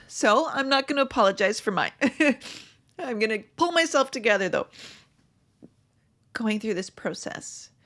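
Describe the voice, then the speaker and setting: A middle-aged woman coach in a reflective monologue, tearful and crying, emotional and halting, with sighs and soft breathy asides. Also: fairly high pitch. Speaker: podcast host and coach.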